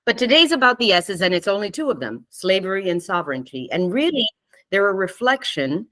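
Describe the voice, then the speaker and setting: A woman giving a spiritual talk to a live online group, gentle and conversational, often checking in with her listeners and laughing easily. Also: medium pitch, big pitch swings, fairly quick. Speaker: spiritual teacher hosting a live online session.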